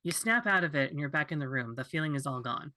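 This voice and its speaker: A game master guides players through a tabletop session, slowly painting a vision with many pauses and fillers. The tone is bright and clear, at a middling pitch. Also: expressive. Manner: loose, hesitant descriptive narration.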